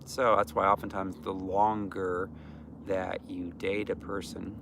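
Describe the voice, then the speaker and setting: A man's voice: low-pitched, level tone, a little slow, creaky, background noise. A man giving an informal, earnest teaching talk on healing, speaking conversationally with many fillers. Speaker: deliverance minister.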